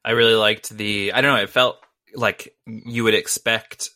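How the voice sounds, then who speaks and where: A man's voice: on the low side, steady tone, moderate pace, bright, forceful tone, no room sound, clean studio sound. A man co-hosting a casual podcast chat about video games, rambling with lots of fillers and little laughs. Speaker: podcast co-host.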